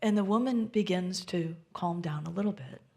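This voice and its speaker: A woman minister giving a sermon in a church, speaking gently and intimately, often sinking to soft near-whispers. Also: fairly low pitch, normal speed. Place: church sanctuary.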